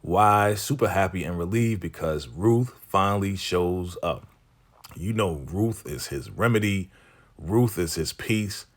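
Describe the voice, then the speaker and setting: A man's voice: sits low, a little slow. A man hosting a casual, chatty episode recap, amused and talking straight to his viewers.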